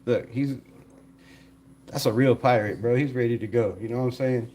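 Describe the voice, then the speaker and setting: A man hosting a casual live stream, animated, laughing often and talking to his chat. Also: medium pitch, moderate pace, a little hiss or hum.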